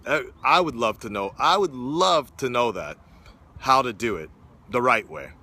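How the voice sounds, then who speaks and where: A man's voice: medium pitch, animated, measured pace, pushed and bright. A young man in a hotel room talking in a rambling, profane, meandering casual monologue to his viewers. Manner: profane, meandering, frequent restarts. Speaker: streamer vlogger.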